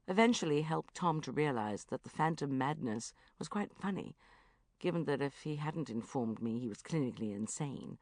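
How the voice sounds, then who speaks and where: A woman narrating a first-person comic diary audiobook in a lively, self-mocking, exclamatory way. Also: very deep voice, dry recording, studio quality.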